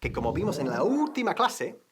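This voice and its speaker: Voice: mid-range voice, sing-song, quick pace, background noise. A teacher opening an English lesson, quizzing the viewer and explaining in a chatty way. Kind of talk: bilingual language lesson.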